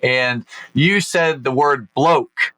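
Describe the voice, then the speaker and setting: Upbeat podcast host. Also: male voice, medium pitch, slow, bright, forceful tone. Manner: upbeat, enthusiastic, friendly. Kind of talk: podcast interview hosting.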